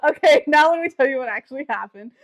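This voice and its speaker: A woman's voice: sits high, expressive, fast. A young woman co-hosting a podcast, teasing her older brother in casual chat. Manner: teasing, playful, laughs often. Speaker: podcast co-host.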